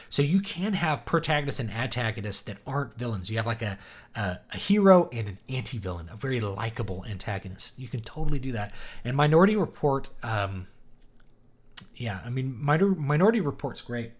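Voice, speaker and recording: An author from East Texas, USA, hosts a casual livestream, chatting with enthusiasm and answering viewer questions through loose, rambling asides. His voice is lowish.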